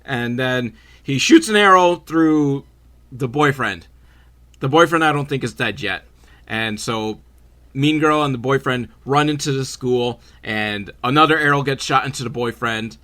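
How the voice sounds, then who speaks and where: A man's voice: mid-range voice, pushed and bright. A man hosting a podcast, casually recapping a horror movie with sarcastic, swearing asides. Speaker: podcast host.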